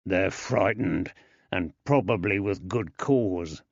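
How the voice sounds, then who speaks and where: A man narrating an audiobook, voicing a plain-spoken, sarcastic constable in a dry, unhurried voice. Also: low-pitched, creaky, no room sound, exaggerated voice. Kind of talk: audiobook character voice. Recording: dry, slightly dull.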